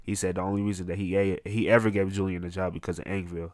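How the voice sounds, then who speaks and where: A man recapping a manga chapter in casual, excitable, profane slang. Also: low-pitched, rapid-fire, dry recording, clean studio sound. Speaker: manga reviewer.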